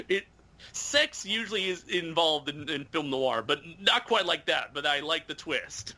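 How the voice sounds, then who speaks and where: A man's voice: a little high, lively intonation, measured pace, sharp tone. A man co-hosting a podcast, chatting casually with laughs and stammers. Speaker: podcast co-host. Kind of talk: casual chat during a card game.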